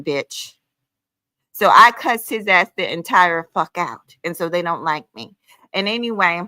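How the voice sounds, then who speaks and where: A woman's voice: lowish voice, sharp tone, no echo. A woman hosting her own livestream, ranting heatedly in a sassy, profane, scolding way, calling listeners honey and child. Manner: emphatic, with frequent "honey" and "child". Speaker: livestream host.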